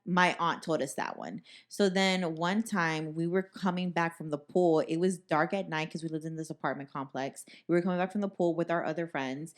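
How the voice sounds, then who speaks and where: A young woman co-hosting a podcast, telling ghost stories in casual chat, animated and swearing freely as she acts out what people said. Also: sits low, moderate pace, few pauses. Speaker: podcast co-host.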